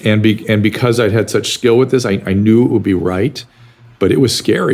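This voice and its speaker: Blunt older man, animated storyteller. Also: lowish voice, brisk. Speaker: addiction psychiatrist guest. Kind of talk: conversational interview answers.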